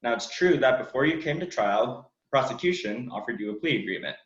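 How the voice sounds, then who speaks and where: A man's voice: mid-range voice, animated, a little fast. A man acting as counsel in a mock trial over a video call, speaking hesitantly with many fillers. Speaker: defense counsel. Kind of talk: courtroom cross-examination. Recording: roomy, dull video-call audio.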